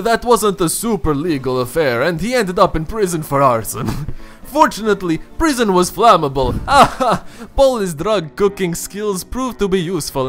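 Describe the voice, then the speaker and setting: A man's voice: high voice, a bit bright, pitched above the performer's own voice. A man doing Dracula in a mock Russian accent. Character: grand old male vampire count narrating an ending.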